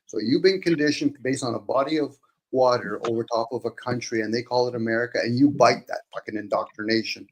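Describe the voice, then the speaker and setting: A man's voice: mid-range voice, fast talker, rough recording. A man hosting a casual chat, talking bluntly and profanely in long rants.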